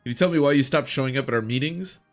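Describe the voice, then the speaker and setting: A man reading as a calm young seer girl. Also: medium pitch, rapid-fire, faint music behind, lightly acted. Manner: plain read-aloud of game text.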